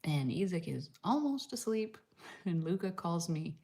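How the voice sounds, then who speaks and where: Casting note: woman vlogger, low gravelly voice, chatty, lots of "like", slips into whispers. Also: very animated, unhurried, mellow. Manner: chatty, frequent "like" fillers, drops into whispers. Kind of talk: casual vlog chat. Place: home in Slovenia.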